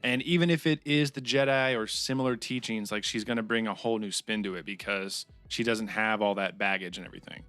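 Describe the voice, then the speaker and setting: A man's voice: lowish voice, a little fast, hardly any pauses, fairly bright tone, smooth, dry recording, faint music behind. A man co-hosting a casual comedy podcast, giving blunt opinions and swearing casually as he reads out chat questions. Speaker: podcast co-host.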